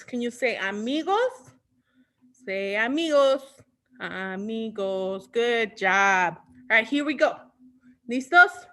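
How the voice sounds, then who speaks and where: A woman with a high, pushed, bright voice hosts an online library storytime for children. She's cheerful, sings songs along the way, and mixes in Spanish words.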